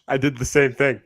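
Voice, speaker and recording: A man's voice: medium pitch, fairly bright tone. A man hosting a casual film watch-along, joking wryly and laughing often. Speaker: host.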